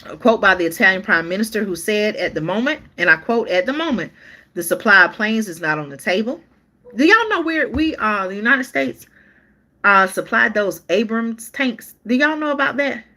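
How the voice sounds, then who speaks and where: A woman's voice: mid-range voice, expressive, normal speed, sharp tone. A woman hosting a live-stream news show, reading articles aloud in a chatty way and talking straight to her viewers, often stopping to restart or look things up.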